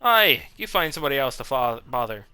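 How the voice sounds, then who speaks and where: A man putting on an Irish accent to play a gruff brawler who threatens a mercenary. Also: medium pitch, big pitch swings, a little fast, sharp tone, no room sound. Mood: threatening. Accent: put-on Irish. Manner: threatening, rough.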